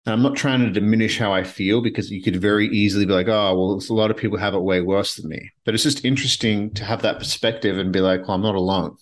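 Man, low voice, solo podcast host, candid, rambling, casual swearing, from Canada. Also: fairly even intonation, quick pace, few pauses. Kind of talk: solo reflective podcast monologue. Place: his apartment.

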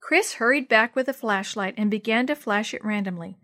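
Woman narrator for a kids' story, bright and slightly high, expressive read. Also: brisk, no room sound, clean studio sound. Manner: clear, expressive reading.

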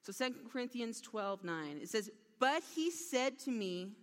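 A woman giving a sermon, retelling a parable with lively storytelling and acted-out lines. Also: fairly high pitch, measured pace. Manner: animated storytelling with acted-out dialogue. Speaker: preacher. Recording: long hall reverb.

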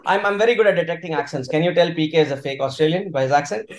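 A man's voice: on the high side, racing, background noise. A man in his thirties from India, co-hosting a podcast in casual chat, joking and often restarting his words. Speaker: podcast co-host.

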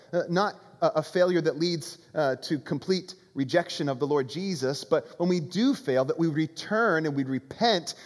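A man preaching a sermon as a pastor, conversational and emphatic, often repeating phrases for effect. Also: a little high. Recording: long reverb of a large hall.

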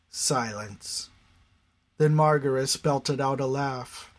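A man narrating a fantasy story in a measured, even storytelling manner. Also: mid-range voice, a little hiss or hum. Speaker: audiobook narrator.

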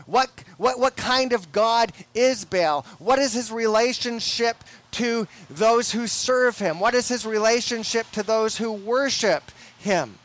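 Slow, emphatic young male preacher. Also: extremely high pitch, fairly bright tone. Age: young adult. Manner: deliberate, emphatic, repeats words. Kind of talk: sermon.

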